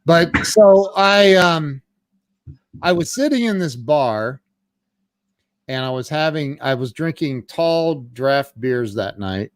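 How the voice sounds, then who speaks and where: Halting middle-aged man telling his story. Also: on the high side, lively intonation, dry recording. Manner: halting, with frequent stammered restarts. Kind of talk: candid personal storytelling.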